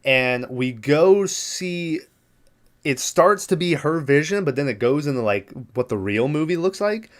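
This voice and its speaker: A man's voice: a little high, animated, a little slow. A man hosting a podcast, retelling a movie plot in a loose, rambling way, full of filler words and swearing. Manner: rambling, filler-heavy, profane, laughs at the film. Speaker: podcast host. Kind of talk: casual movie recap.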